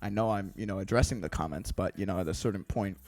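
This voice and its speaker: A young British man putting on an American accent, ranting to camera in a rambling, stammering way, swearing and mocking himself deadpan. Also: low voice, quick pace, dry recording. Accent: put-on American. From Britain. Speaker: YouTuber. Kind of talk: casual rant to camera. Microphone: desk studio microphone.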